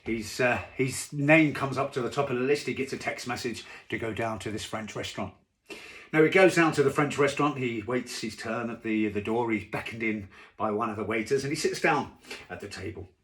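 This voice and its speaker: A man's voice: medium pitch, brisk, fairly bright tone. A man telling a long joke to camera from home, in an easy, rambling way. He keeps breaking off for asides and filler words, in an ordinary mid-range voice. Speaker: joke teller. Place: home during lockdown.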